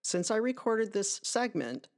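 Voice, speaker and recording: A woman's voice: on the high side, big pitch swings, measured pace, darkish tone. A woman hosting a podcast, reading a scripted sports monologue in a conversational, emphatic way with asides to the listener. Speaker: podcast host.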